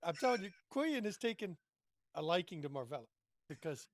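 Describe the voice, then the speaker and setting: A man's voice: sits high, sing-song, a little hiss or hum. A man chatting casually and jokily between turns at a tabletop role-play game. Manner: quick and jokey. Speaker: player.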